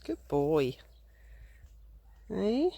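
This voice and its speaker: A woman with a mellow, gravelly voice chats to her chickens and ducks outside by the coop. She coaxes and teases them in a lilting, sing-song way, filmed on a phone. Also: mid-range voice, very animated, very slow, dry recording. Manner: coaxing, chatty baby-talk to animals. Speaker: backyard poultry keeper. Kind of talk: casual vlog chatting to her birds. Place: outdoors by a backyard chicken coop.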